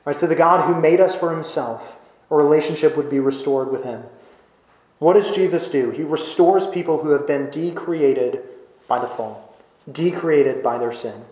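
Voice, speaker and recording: A man preaching a sermon as pastor, earnest and explanatory, often checking in with his listeners with a quick "right?". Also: a little high, a little mellow, reverberant, poor audio.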